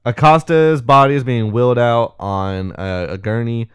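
The audio is clean studio sound with no room tone, capturing a male podcast co-host whose mid-range voice is clear and resonant. At normal speed, he casually retells a film's story, animatedly voicing quoted lines and swearing offhandedly.

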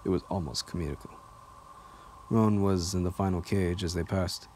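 Male audiobook narrator, deep and low, steady measured read. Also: a little hiss or hum. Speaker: audiobook reader.

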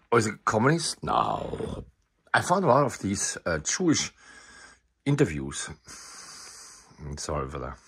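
A man's voice: fairly low pitch, fairly bright tone, husky. A man, an artist musing aloud in a rambling, profane, self-interrupting monologue.

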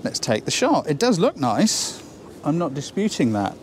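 A man's voice: a little high, sing-song, normal speed, a little hiss or hum. A man teaching photography on a shoot, chatty and encouraging, thinking aloud as he works. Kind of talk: on-location photo lesson. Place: outdoors then inside a building on a shoot.

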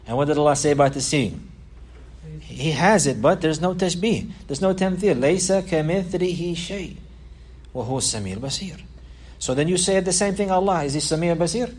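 A man teaching a religious lesson, explaining a classical text, repeating and restarting phrases and reading quoted passages quickly. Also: on the high side, a little mellow.

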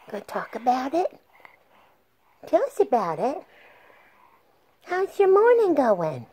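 A middle-aged grandmother in slow, soft, sing-song baby talk, coaxing an infant. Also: high voice, huge pitch swings, breathy edge.

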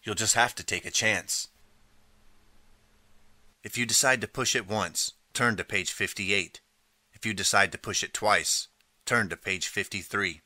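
A man reading a second-person interactive audiobook in steady, measured narration. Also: fairly low pitch, no room sound.

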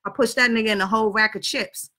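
A woman telling a story and ranting in a blunt, profane, animated way. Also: fairly high pitch, quick pace. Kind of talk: casual rant and storytelling.

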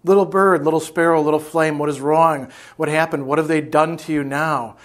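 A man's voice: fairly high pitch, fairly even intonation, normal speed, lightly acted. A man reading aloud the lines of an anguished, protective adult woman from a novel. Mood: tender. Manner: emotional read-aloud dialogue.

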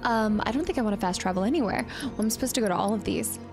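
A young woman streaming a video game, chatty and excitable, thinking aloud as she plays. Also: mid-range voice, racing, over music. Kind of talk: casual let's-play commentary.

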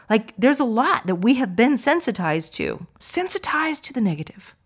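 Woman podcast host, middle-aged, casual chatty delivery that slows into soft spoken affirmations. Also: mid-range voice. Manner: chatty, warm affirmations, laughs often.

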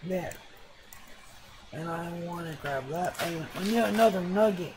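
A let's play gamer talking casually at a middling pitch, reading out the in-game dialogue and dropping dry, sarcastic remarks in between. They keep clearing their throat as a cold sets in, and a faint hiss sits under the voice. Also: a little slow. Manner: reads game dialogue aloud with sarcastic asides.

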